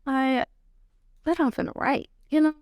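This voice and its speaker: A woman with a fairly high voice tells a personal story as a guest on an interview show. She lively acts out the people she quotes with big jumps in pitch. The sound is close and dry. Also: a little slow, dry recording. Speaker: guest author.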